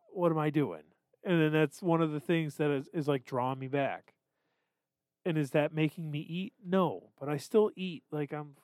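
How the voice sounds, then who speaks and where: A man's voice: on the high side, a little mellow, no echo. A man co-hosting a podcast, talking candidly and self-deprecatingly about his struggles, swearing freely. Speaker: podcast co-host. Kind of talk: casual confessional chat.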